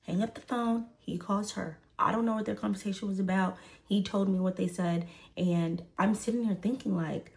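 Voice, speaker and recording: A young woman with a Southern Houston accent tells a messy personal story for a storytime vlog, her mid-pitched voice carrying a noticeable gravelly fry. She talks briskly, keeping things casual and lively, animatedly acting out every quoted voice and repeating lines for emphasis.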